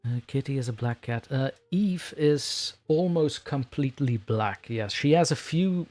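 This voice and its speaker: A man's voice: medium pitch, expressive, measured pace, darkish tone. A man hosting a casual livestream, talking with a rambling, chatty manner and laughing often. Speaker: livestream host and story narrator.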